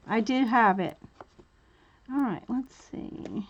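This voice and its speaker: A woman's voice: a little high, animated, takes it slowly, lo-fi sound. A woman hosting a crafting livestream, chatting casually and greeting viewers by name while she cuts and sorts art cards. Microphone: camera mic set low on the desk.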